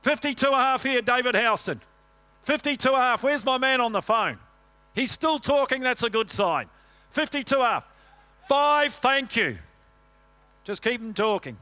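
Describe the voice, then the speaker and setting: A man's voice: very high-pitched, expressive, moderate pace, long pauses, bright, forceful tone. A man working as an auctioneer, rattling off rhythmic rolling bid calls and tossing joking asides to the bidders in a sale ring. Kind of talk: rapid auction chant.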